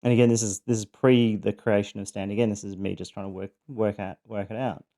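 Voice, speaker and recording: Soft, warm-voiced man telling his story. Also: fairly low pitch, fairly even intonation, fairly quick. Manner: earnest, thoughtful, with frequent ums and restarts. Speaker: podcast host sharing his survival story. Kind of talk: reflective personal monologue.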